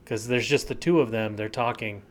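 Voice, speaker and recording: A man co-hosting a casual podcast, speaking at an everyday middle pitch. He teases his co-host and stumbles through restarts as he gets to his point. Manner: teasing, halting with many restarts.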